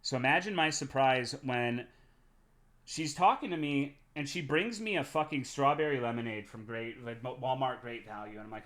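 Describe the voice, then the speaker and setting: A man's voice: mid-range voice, normal speed, fairly bright tone. A man telling a long work story on his live stream in a casual, profane, rambling way, often restarting his sentences.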